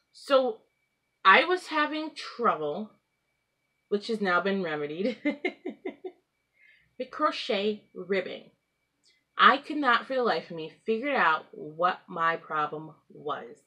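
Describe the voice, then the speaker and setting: A woman hosting a home craft podcast, talking casually and rambling, often laughing and clearing her throat. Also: medium pitch, lively intonation, slow pace, pauses often, pushed and bright. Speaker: knitting podcast host. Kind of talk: casual craft chat to camera. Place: at home with pets.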